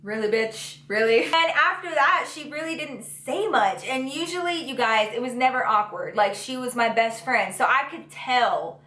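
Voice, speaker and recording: A young woman with a high, bright voice tells a storytime to her viewers. She is animated and profane and acts out every twist dramatically. The room around her sounds echoey. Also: normal speed, few pauses. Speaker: vlogger. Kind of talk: storytime vlog.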